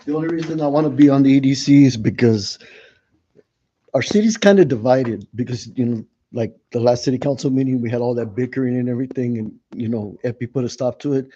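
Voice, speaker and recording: A man's voice: mid-range voice, brisk, dark tone. A man, speaking earnestly and with emotion as an applicant at a city council meeting. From South Texas. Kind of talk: impassioned public remarks. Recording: muffled meeting recording with background noise.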